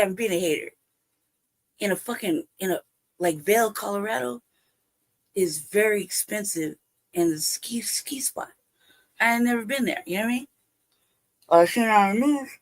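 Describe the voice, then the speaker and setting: A mid-pitched host on a home livestream rambles through a personal story in casual talk. The speech is full of cursing and frequent laughter, and the speaker plays out both sides of a remembered conversation. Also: moderate pace, long pauses.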